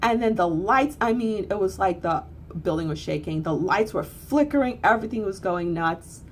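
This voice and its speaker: A woman's voice: mid-range voice, lively intonation, normal speed, a little hiss or hum. A woman telling a story in a casual, blunt, earthy way, swearing freely and repeating phrases for emphasis. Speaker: spiritual teacher.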